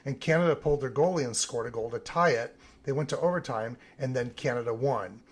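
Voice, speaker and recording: Guy w a slightly husky voice, mid pitch, telling stories in an interview, lively. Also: a little fast. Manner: animated anecdotal telling with some vivid emphasis. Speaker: Olympic team photographer. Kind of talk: interview storytelling.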